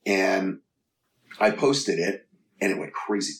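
Deep-voiced man, frank and profane. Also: animated, takes it slowly, distant mic. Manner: frank, swears freely. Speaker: podcast guest. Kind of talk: casual storytelling interview. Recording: roomy sound from off the mic.

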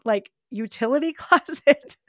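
A woman's voice: high voice, expressive, a little slow, fairly bright tone, no room sound, clean studio sound. A woman telling her personal faith testimony about adopting her baby as a podcast guest, speaking in a heartfelt, emotional way and laughing often as she tells the story. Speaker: adoptive mother.

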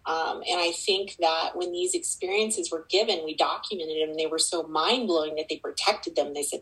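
Very husky low-voiced woman. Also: normal speed, few pauses, a bit bright, rough recording. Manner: earnest, flowing explanations. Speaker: spiritual mentor and guest. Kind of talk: interview talk.

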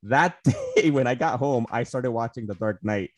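A man's voice: medium pitch, moderate pace, no echo, clean studio sound. A man co-hosting a casual podcast, rambling with lots of fillers and swearing. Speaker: podcast co-host. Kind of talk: casual movie discussion.

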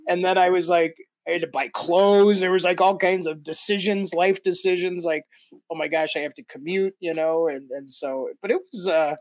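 Older midwest guy on a podcast, kinda high voice, telling stories all animated, dry close sound. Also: normal speed, hardly any pauses, dry recording. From Midwestern United States. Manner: animated, laughs through stories, acts out quotes. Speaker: podcast guest. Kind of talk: casual storytelling.

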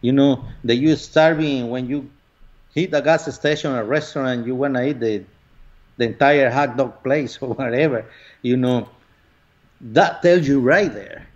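A man being interviewed as a guest, speaking earnestly in a halting way with many fillers. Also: medium pitch, a little mellow, lo-fi sound. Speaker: lottery winner guest. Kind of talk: conversational interview.

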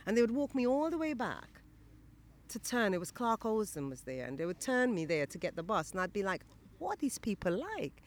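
A woman in her fifties, born in Britain and raised in Guyana, telling lively stories in an interview, acting out the voices of the people she quotes. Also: medium pitch, fairly quick, a little hiss or hum. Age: 50s. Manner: animated, acts out quoted voices, many fillers and restarts. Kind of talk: casual storytelling interview.

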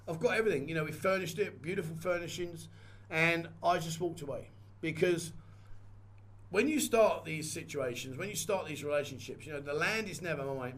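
A man's voice: fairly high pitch, fairly bright tone. A man vlogging a candid personal story in a rambling, conversational way and repeating phrases. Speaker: vlogger and photographer.

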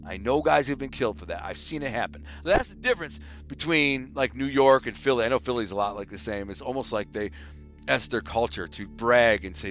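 A man's voice: mid-range voice, fast, lo-fi sound, soft background music. Streetwise man telling stories. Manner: streetwise, animated, quotes others in acted voices. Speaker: storyteller recalling his past. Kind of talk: casual storytelling monologue.

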